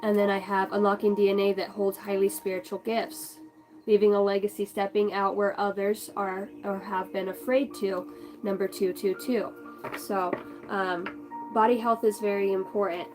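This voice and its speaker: A woman's voice: mid-range voice, little pitch movement, normal speed, music in the background, rough recording. A young woman in a rambling, chatty vlog, doing a spiritual card reading and talking casually, with the odd swear word. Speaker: spiritual channel host.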